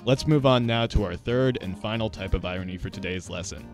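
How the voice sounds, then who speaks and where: A man teaching a literature lesson in a scripted narration, explaining clearly and speaking directly to students. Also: fairly low pitch, fairly quick, soft background music.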